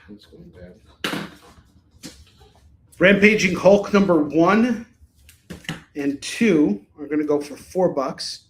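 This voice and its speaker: A man's voice: a little high, slow, pauses often, a little hiss or hum. Upbeat man hosting a live sale. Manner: chatty, upbeat, reads out items and prices. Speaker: live shopping show host. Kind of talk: casual live-stream selling.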